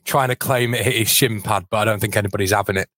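A man's voice: fairly low pitch, steady tone, fast, fairly bright tone, dry recording, clean studio sound. A man from England co-hosting a casual football podcast over a video call, wry and joking, often stumbling over words. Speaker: podcast co-host.

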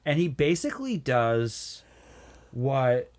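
A man's voice: medium pitch, big pitch swings, slow pace. A man co-hosting a movie review chat, recapping scenes with lots of ums and laughter. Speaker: movie review podcast co-host. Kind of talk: casual chat.

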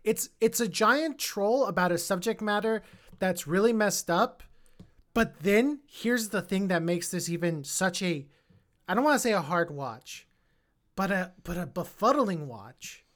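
A woman hosting a casual film podcast, talking animatedly and repeating words when she gets excited. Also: medium pitch, a little slow. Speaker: podcast host.

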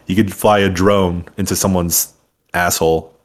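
A man's voice: low voice, fairly even intonation, moderate pace. A man in his twenties co-hosting a podcast, joking and sarcastic in casual banter. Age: 20s. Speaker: podcast co-host.

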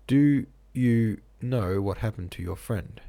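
A man reading aloud, voicing a furious, bullying male prison director who shouts harsh threats. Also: on the low side, moderate pace, vocal fry, husky. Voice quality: harsh, snarling.

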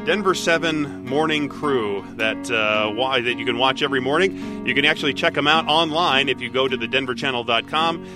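A man's voice: medium pitch, a little fast, music in the background. A man hosting a casual podcast, easygoing and chuckling between remarks. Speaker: podcast host.

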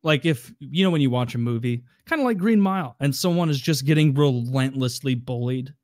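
A man talking eagerly in a casual chat, with an ordinary middle-pitched voice. The sound is dry and close, with no room around it. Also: animated, fairly quick, darkish tone, dry recording.

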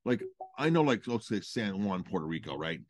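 A man with a fairly low voice talks shop on a podcast in a relaxed, chatty way. He leans on repetition to drive his points home. The sound is dry and close, with no room around it. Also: moderate pace, no echo. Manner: animated storytelling, repeats for emphasis. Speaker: podcast co-host, restaurant owner. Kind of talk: casual chat.

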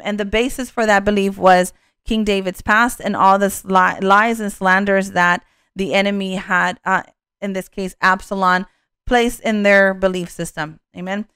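A woman's voice: medium pitch, a bit bright, clear, resonant tone, dry recording, studio quality. A woman teaching a sermon on a scripture passage, earnest and peppered with "um" and "you know" fillers. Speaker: bible teacher.

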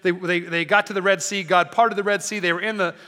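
A man preaching a sermon as a pastor, energetic and conversational, often joking with the congregation. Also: high-pitched, fast talker, long reverb tail.

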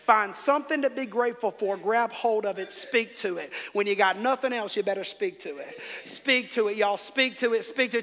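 A man's voice: high-pitched, moderate pace, a bit bright, big-room sound. A man preaching a sermon as pastor, fervently telling the congregation how to respond. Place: church sanctuary.

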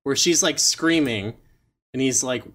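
A man's voice: mid-range voice, a little slow, a bit bright. Easygoing man in casual chat. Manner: easygoing, many fillers and short laughs. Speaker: podcast co-host.

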